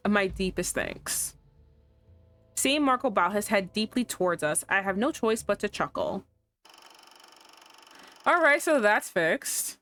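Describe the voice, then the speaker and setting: A woman's voice: medium pitch, animated, measured pace, long pauses, a bit bright. A woman streamer reading a romance game aloud and breaking off into sarcastic, swearing asides.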